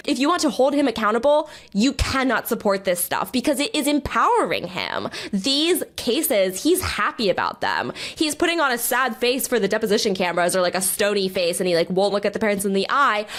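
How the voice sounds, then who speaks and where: A fairly high-voiced woman speaking as a podcast guest in casual political talk. She argues emphatically and with passion, pressing each point hard. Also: a bit bright. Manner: impassioned, argumentative, emphatic.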